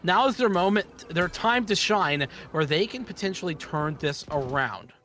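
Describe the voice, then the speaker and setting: A man casting a live esports match, building fast excitement during big plays. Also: high voice, a little hiss or hum. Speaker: esports play-by-play caster.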